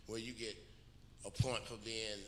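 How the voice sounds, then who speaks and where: A middle-aged radio co-host tells a story in a profane, emphatic way, his voice sharp and forceful. He keeps asking his listeners if they follow him. The room around him is noticeably echoey, with a faint hiss underneath. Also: lowish voice, flat delivery, unhurried. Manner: profane, emphatic, keeps asking "you know what I'm saying". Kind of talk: casual storytelling chat. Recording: roomy echo with faint noise.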